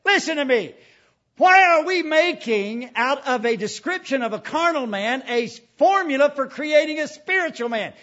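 High, bright-voiced man preaching emphatically. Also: lively intonation, normal speed, highs cut off. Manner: emphatic, repeated rhetorical questions, swings between loud and hushed. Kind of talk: sermon.

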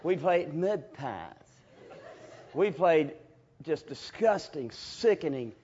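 A man preaching a sermon as a comic story, animated, swinging from loud bursts to hushed asides. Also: a little high, slow pace, lo-fi sound, a little hiss or hum.

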